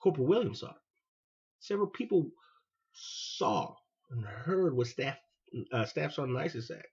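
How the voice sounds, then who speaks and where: Man, husky voice, animated storyteller, acts out the dialogue, dull lo-fi recording. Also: mid-range voice, measured pace. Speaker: podcast host, former Marine. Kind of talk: personal storytelling monologue.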